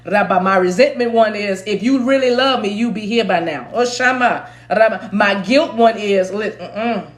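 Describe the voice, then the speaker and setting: A woman's voice: mid-range voice, moderate pace, few pauses. A woman leading a live-streamed spiritual reading, with a rhythmic, preacher-like delivery. She breaks into chanted tongues and calls her listeners "baby". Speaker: spiritual reader and channel host. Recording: roomy echo.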